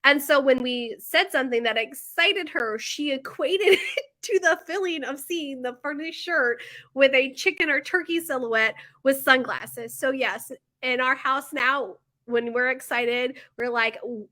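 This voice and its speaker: A woman in her thirties talks straight to camera about her bakery, chatty and animated, drifting off on tangents and padding her sentences with fillers. Her voice sits high and sounds bright and crisp. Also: moderate pace. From United States. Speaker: bakery owner. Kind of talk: casual chat to camera.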